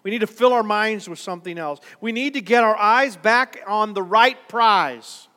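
A male pastor preaching to his congregation in a church worship center. His voice is high and bright, and it carries a long hall reverb. He talks in a conversational way and then rises to emphatic peaks. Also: normal speed. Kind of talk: sermon.

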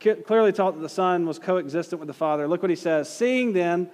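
A man's voice: high-pitched, a little fast, a little mellow, big-room sound. A man teaching a class in a conversational way, reading old quotes aloud, stressing key words and putting questions to his students.

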